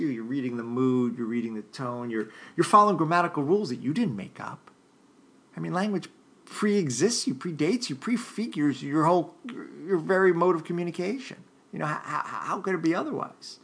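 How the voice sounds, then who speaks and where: A man's voice: a little high, animated, fairly bright tone. A man giving an unscripted philosophy lecture, thinking aloud with frequent restarts and fillers and often checking in with his listeners. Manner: thoughtful, halting, many restarts and fillers; addresses listeners directly, often checking with "right?".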